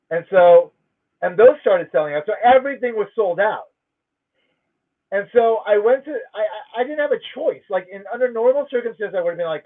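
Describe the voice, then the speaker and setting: A man hosting a livestream, telling a story in a casual, profane, emphatic rant from home. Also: high voice. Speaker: livestream host. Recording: tinny phone-like audio.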